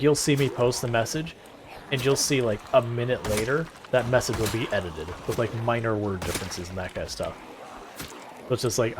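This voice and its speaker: A man's voice: mid-range voice, noisy background. A man streaming a game and chatting casually, rambling and sarcastic, often restarting his sentences. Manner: rambling, self-deprecating and sarcastic. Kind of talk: casual gameplay chat.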